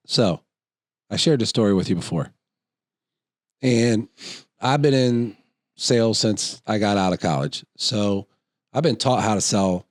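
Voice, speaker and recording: Lively, low-voiced man telling stories. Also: no room sound, clean studio sound. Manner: animated storyteller, acts out voices in anecdotes. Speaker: podcast co-host. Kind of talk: casual storytelling chat.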